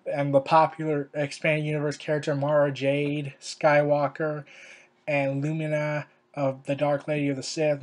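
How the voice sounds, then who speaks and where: A man's voice: on the high side, a little mellow. A young man giving casual commentary in a video, rambling and full of filler words. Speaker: video creator.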